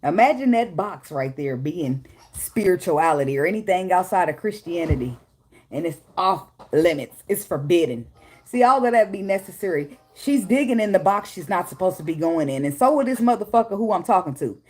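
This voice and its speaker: A woman's voice: fairly low pitch, lively intonation, moderate pace, a little mellow, husky. A woman giving a casual tarot reading at home, talking bluntly with lots of profanity, laughing and now and then breaking into snatches of song. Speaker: tarot reader. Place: home, with a daughter nearby.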